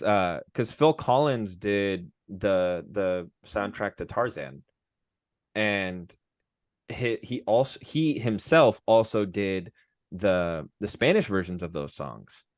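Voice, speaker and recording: A low-pitched man speaking as a voice-actor guest on a podcast, in a loose, rambling conversational way with frequent restarts. The sound is dry and close, with no room echo. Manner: rambling with many restarts, breaking into character voices. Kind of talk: casual podcast chat.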